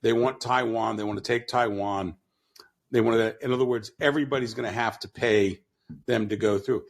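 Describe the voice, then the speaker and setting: A man's voice: medium pitch, steady tone, normal speed, creaky. A man talking bluntly on a podcast, mocking and profane, with frequent restarts. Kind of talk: casual opinionated talk.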